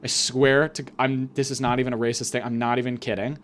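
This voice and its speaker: A man's voice: medium pitch, flat delivery, fast talker, a little hiss or hum. A young man telling a crude, rambling comic story as a podcast host.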